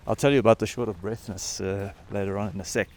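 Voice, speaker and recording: A man's voice: on the low side, steady tone, fast, a little mellow. A man in his thirties with a South African accent, talking casually to camera while hiking outdoors and short of breath, rambling with lots of fillers. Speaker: travel vlogger. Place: outdoors on a high mountain trail.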